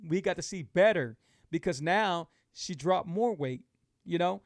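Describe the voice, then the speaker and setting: A middle-aged man with a drawl sits close to the mic and talks to his viewers in a casual live chat. His voice sits unusually high for a man, and the sound is dry and close, with no room around it. He hammers his points home and repeats them like a preacher. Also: expressive, measured pace, no echo. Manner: emphatic, repetitive, preachy encouragement. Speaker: host of a keto lifestyle show.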